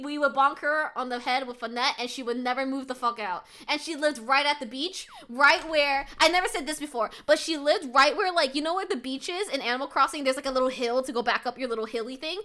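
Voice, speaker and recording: A woman's voice: sits high, brisk, hardly any pauses, bright, forceful tone. A young woman hosting a quiz on a live stream, chatting casually, laughing often, reading chat aloud and swearing freely.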